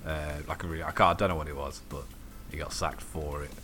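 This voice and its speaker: A man in casual chat as a podcast co-host, telling stories in an animated way, swearing freely and acting out the voices of people he quotes. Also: a bass voice, fast talker, soft background music.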